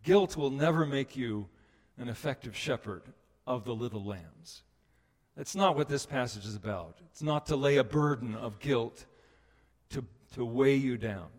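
A man preaching a sermon as a pastor, telling the story with animated delivery and acting out the voices of people he quotes. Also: mid-range voice, long reverb tail.

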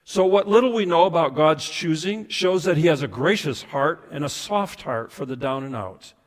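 A man preaching a sermon as pastor, emphatic at times and then dropping to soft, intimate asides. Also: a little high, expressive, moderate pace. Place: church sanctuary. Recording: reverberant hall sound.

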